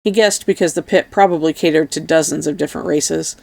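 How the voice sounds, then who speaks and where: A woman reading an audiobook in a steady, even narration. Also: low voice, brisk, vocal fry. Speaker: audiobook reader.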